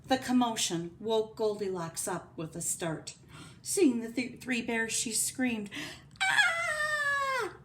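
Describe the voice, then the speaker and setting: A woman reading a picture book aloud to children, slow and expressive. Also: on the high side, slight background noise. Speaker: storyteller.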